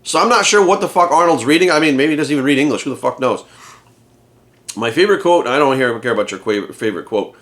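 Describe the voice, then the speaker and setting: A man's voice: mid-range voice, animated, fast, a bit bright. A man, a fitness coach hosting his channel, delivers a heated, profane rant full of rhetorical questions. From United States. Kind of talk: angry rant to camera.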